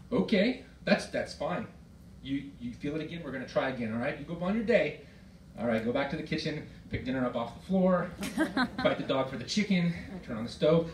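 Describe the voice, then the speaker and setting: A middle-aged man performing stand-up comedy, telling stories in an exasperated way with shouted outbursts. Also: a little high, animated, fairly quick. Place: performance hall with a live audience. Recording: roomy hall recording from far off, loud noise.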